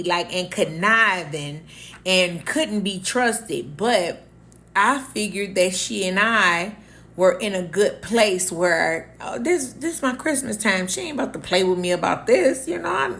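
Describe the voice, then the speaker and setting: A storyteller vlogger delivers a candid, animated storytime monologue in a medium-pitched voice at a slow pace. She acts out the quoted dialogue as she goes.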